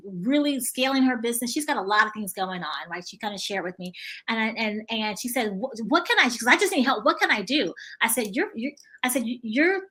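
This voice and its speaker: A woman hosting a podcast interview, telling stories in a lively way and acting out the dialogue. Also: on the high side. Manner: animated storytelling, acting out dialogue. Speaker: podcast host. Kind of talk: casual conversational interview.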